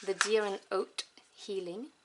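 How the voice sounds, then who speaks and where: A woman whose first language is French, reviewing tarot cards one by one. She lists each card softly and without hurry, adding fond little asides. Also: mid-range voice, steady tone, noisy background. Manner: soft, unhurried listing with fond asides.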